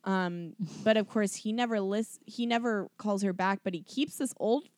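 A woman chatting casually as a podcast co-host, full of "like" and quick restarts. Her voice sits in a middle pitch and sounds close and dry, with no room around it. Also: darkish tone, no room sound. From not from the American South. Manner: chatty, filler-heavy, laughing often. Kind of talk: casual chat.

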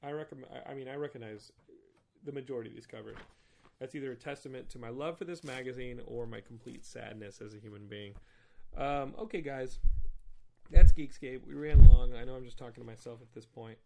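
Gravelly podcast host rambling excitedly. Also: male voice, medium pitch, fairly quick, slight background noise. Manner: self-mocking. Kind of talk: casual solo podcast talk.

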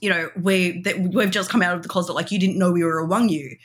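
A woman's voice: on the low side, steady tone, quick pace. A woman co-hosting a podcast, chatting casually with lots of giggles and fillers. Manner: giggly, rambling with many fillers. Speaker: podcast co-host. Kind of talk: casual chat.

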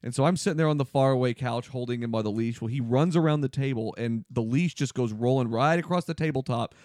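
A man, the podcast's producer, telling a home mishap story in animated, casual chat. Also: medium pitch, fast, no echo, clean studio sound. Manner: animated storyteller, says "dude".

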